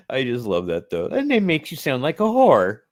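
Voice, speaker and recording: A man co-hosting a casual movie review chat, swearing freely and laughing as he retells scenes. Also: medium pitch. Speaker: podcast co-host.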